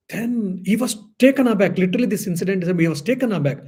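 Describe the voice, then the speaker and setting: A man teaches scripture in the slow, storytelling manner of a monk. His voice sits a little high but sounds dark and mellow, with a husky edge. He repeats phrases as he goes. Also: animated. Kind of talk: spiritual lecture.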